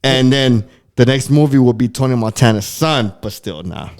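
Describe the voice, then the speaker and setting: Rambling, animated male podcast co-host. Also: medium pitch, normal speed. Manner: rambling, animated, swears freely. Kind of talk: casual chat.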